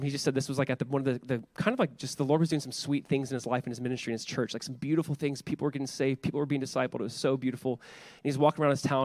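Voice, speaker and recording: A male pastor preaching a casual, animated sermon, full of "like" and quick acted-out quotes. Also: mid-range voice, no room sound. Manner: animated, filler-heavy, acts out scripture voices.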